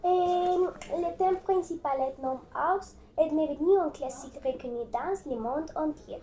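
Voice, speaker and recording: A woman's voice: high voice, moderate pace, a crowd in the background. A fifth-grade girl reciting a memorized school presentation, shy and hesitant. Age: child. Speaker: student presenter.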